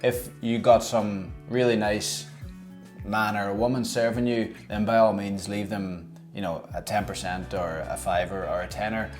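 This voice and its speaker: A man with an Irish accent co-hosting a travel vlog, who gives tips in a relaxed, chatty way with teasing asides. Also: lowish voice, moderate pace, faint music behind. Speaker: travel vlogger co-host. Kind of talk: casual travel-guide talk.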